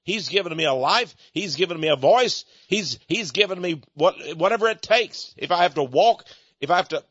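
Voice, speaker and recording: A man's voice: a little high, vocal fry, a bit bright, slightly rough, no room sound, lo-fi sound. An older man giving an informal spoken sermon, earnest and heartfelt, often repeating and restarting his words. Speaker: preacher.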